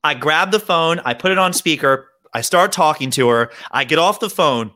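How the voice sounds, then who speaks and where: Young man, from Baltimore, high voice, bright tone, animated storyteller, casual podcast chat. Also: moderate pace, a little hiss or hum. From Baltimore area, USA. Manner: animated storyteller who mimics relatives. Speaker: podcast host.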